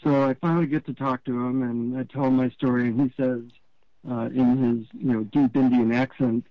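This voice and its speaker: A man, an author being interviewed, tells stories in a relaxed, halting way with fillers. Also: medium pitch, dry recording. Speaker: author guest. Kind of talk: storytelling interview answers. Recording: dull lo-fi radio sound.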